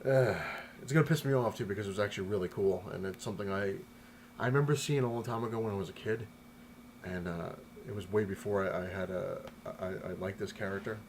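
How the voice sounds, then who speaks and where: A man with a fairly low voice rambles through a home vlog from his apartment. He speaks loosely and chattily, repeating himself as he goes. A faint hiss sits under the recording. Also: fast talker, low-quality recording. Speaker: collector vlogger showing his haul. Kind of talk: casual rambling vlog talk.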